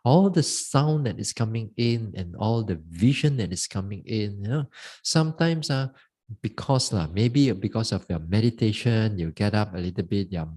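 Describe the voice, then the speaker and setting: A Buddhist monk giving a dharma talk on meditation, halting and repeating words as he goes. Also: fairly low pitch, lively intonation, mellow.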